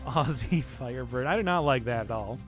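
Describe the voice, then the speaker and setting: A man's voice: mid-range voice, lively intonation, brisk, soft background music. A young man streaming a video game, chatting casually, answering chat and laughing at himself often. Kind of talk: casual gameplay commentary.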